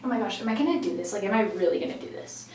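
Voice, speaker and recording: A woman's voice: mid-range voice, animated, racing, noisy background. A teenage girl vlogging in a casual, nervous, giggly and rambling way. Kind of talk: casual vlog chat. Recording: echoey room, mic a bit far.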